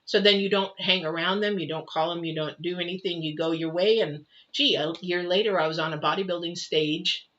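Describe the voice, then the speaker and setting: Bright-voiced woman rambling through a tarot reading. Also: on the low side, brisk, hardly any pauses, dull audio. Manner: rambling, conversational, acts out quoted people. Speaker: tarot reader. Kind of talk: live weekly tarot reading chat.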